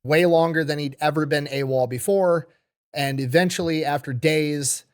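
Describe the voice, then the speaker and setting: A man's voice: on the high side, fairly even intonation, normal speed, clear, resonant tone. A man telling a history story in a casual, wry, profane way.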